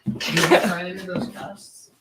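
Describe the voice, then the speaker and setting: A man's voice: sits high, little pitch movement, normal speed, heavy background noise. A man hosting a live art auction, chatting casually and joking with frequent laughs.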